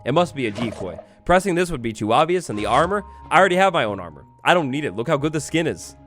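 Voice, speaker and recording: A young man narrates a game tutorial in a playful, upbeat way, sometimes acting out little scenes as he explains. His voice sits a little on the high side. Quiet music plays underneath. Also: big pitch swings, quick pace. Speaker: Minecraft tutorial host. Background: background music.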